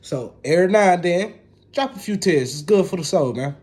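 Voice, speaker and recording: A man's voice: sits high, expressive, brisk, a little mellow. A man, chatting casually to viewers in a laid-back way while he cooks. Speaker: home cook. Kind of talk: casual cooking vlog.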